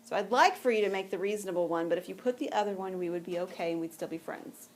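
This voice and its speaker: A woman gives a math lecture to a class, speaking patiently and conversationally and frequently checking that students are following. Her voice is on the low side, she talks fast, and there's a little hiss or hum.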